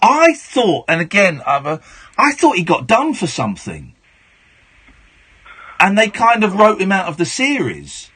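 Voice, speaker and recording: 胸音沙哑的英国电台男主持. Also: male voice, sits high, huge pitch swings, unhurried, long pauses, slightly rough. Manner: stammers and restarts, then bursts into loud mock outrage. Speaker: radio phone-in host. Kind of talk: late-night phone-in chat.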